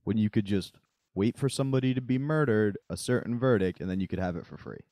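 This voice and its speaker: A man's voice: fairly low pitch, fast, dark tone, no echo. A man co-hosting a comedy chat, sarcastic and dry, laughing often as he tells a retail story. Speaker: podcast co-host.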